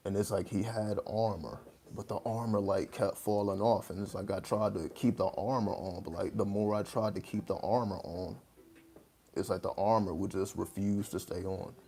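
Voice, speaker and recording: Low gravelly man chatting loosely. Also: steady tone, normal speed, warm tone. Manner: loose and rambling, many fillers, laughs between points. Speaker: livestream host. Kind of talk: casual livestream chat.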